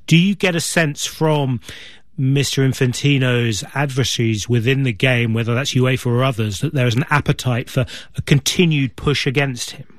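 A man presenting the news, questioning a guest in a measured, formal way. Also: mid-range voice, dry recording, studio quality. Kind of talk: studio interview.

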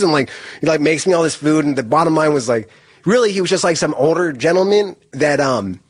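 A man's voice: a little high, fast talker, no echo. A man telling a story in a casual, rambling way, filling it with "like" and laughing at himself.

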